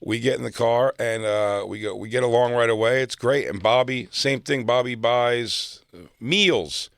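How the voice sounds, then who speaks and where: A man's voice: medium pitch, normal speed, creaky, a bit bright, dry recording, clean studio sound. A middle-aged man from South Jersey, a comedian telling a road story in casual chat and acting out other people's lines. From South Jersey, near Philadelphia. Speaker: comedian guest.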